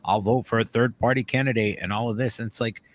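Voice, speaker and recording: A man's voice: mid-range voice, fairly even intonation, fast. A man co-hosting a casual podcast chat, blunt and heavy on swearing, rambling through his points. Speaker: podcast co-host.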